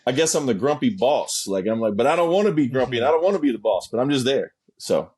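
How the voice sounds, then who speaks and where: A man's voice: medium pitch, sing-song, fast, a little mellow, breathy edge. A middle-aged man telling stories as an interview guest, laid-back and profane, with laughing asides. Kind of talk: casual storytelling.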